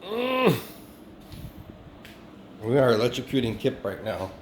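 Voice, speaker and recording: A man's voice: on the low side, a little mellow. Man rambling in an echoey, noisy room. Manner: profane, halting, many restarts and fillers. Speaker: vlogger. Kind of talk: rambling self-recorded monologue.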